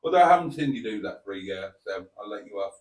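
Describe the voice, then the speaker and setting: A man's voice: on the low side, expressive, fast talker, a little mellow. Wry, rambling British man. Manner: wry, reflective, self-mocking. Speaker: live stream host. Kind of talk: casual rambling live chat.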